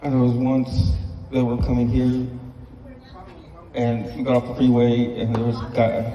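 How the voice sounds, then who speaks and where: Soft-spoken man giving a halting eulogy. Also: mid-range voice, completely flat delivery, highs cut off, a little hiss or hum. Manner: soft, halting, plain-spoken, many pauses. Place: church or funeral hall. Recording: echoey hall, mic at a distance.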